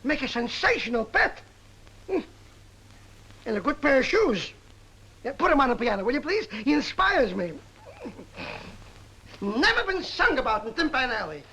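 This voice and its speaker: Brash music publisher, high-pitched voice, lively swooping delivery, slangy sales patter, 1950s film comedy. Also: male voice, normal speed, pauses often, breathy edge, exaggerated voice, poor audio. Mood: excitable. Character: brash excitable male song publisher.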